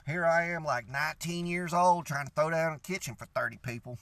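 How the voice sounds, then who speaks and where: Rambling Cajun-accented man, high and bright. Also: fairly quick, creaky, no echo. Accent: Louisiana Cajun. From Louisiana. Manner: profane, rambling, folksy. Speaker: vlogger. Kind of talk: casual storytelling rant.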